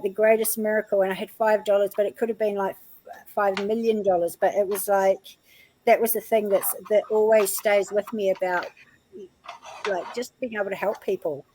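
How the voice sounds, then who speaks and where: A woman's voice: medium pitch, fairly even intonation, moderate pace, background noise. Woman, middle-aged, casual guest storyteller, loose and talkative. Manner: chatty, laughing, lots of fillers. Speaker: guest healer.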